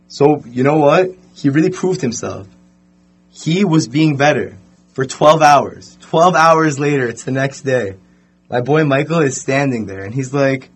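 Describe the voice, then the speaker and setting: A young man telling a story in a casual podcast chat, animated and full of fillers. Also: medium pitch, moderate pace, slightly rough.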